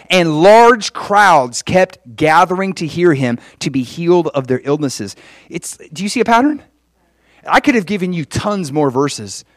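A man preaching a sermon in a conversational, animated way, often acting out quoted conversations. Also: fairly high pitch, no room sound, studio quality. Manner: acts out quoted conversations in changed voices.

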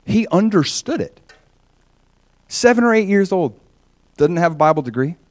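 A man's voice: sits high, sing-song, normal speed, no room sound, clean studio sound. A middle-aged man preaching and telling personal stories, often acting out the people he quotes. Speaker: pastor.

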